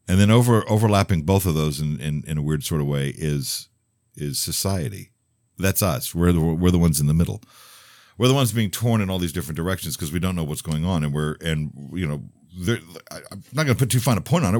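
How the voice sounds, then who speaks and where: Male radio host, deep voice, dry close sound, loose rambling monologue, blunt and opinionated. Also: darkish tone, no echo. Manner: rambling, with many restarts and asides. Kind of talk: casual monologue.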